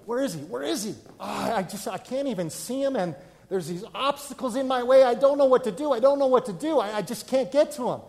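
A man's voice: very high voice, animated, fairly quick, vocal fry, darkish tone, voice pushed up, exaggerated voice. A man acting out a frustrated man who can't see past a crowd, anxious and pleading.

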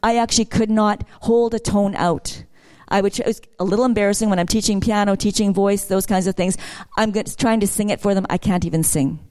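A middle-aged woman, a worship leader, gives a church testimony in a brisk, steady, slightly mellow medium-pitched voice with hardly any pauses. Her talk is chatty and personal, building up to fervent praise.

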